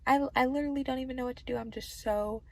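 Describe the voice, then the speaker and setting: A woman vlogging from a hospital room as a pregnancy vlogger, chatting to camera in a bubbly, gushing, excitable way. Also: high voice, very fast, vocal fry. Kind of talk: casual chat to camera.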